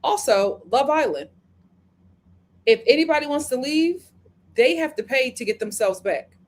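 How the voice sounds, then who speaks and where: A woman hosting a casual live-stream review, chatting and reading viewer comments with dramatic, animated retelling. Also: sits high, moderate pace.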